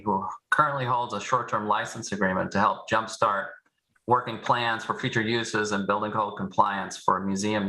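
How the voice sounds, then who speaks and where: A man joining by remote call, presenting a plan at a town board meeting in a clear, orderly way from prepared notes. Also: fairly low pitch, sharp tone, low-quality recording.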